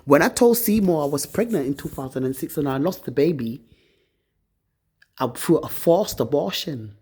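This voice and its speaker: A woman delivers a bitter, profane rant straight into her phone camera. Her voice sits low and husky, but it swings wildly up and down as she accuses and complains. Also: lively intonation, moderate pace, mellow. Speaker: vlogger. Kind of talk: angry personal rant to camera.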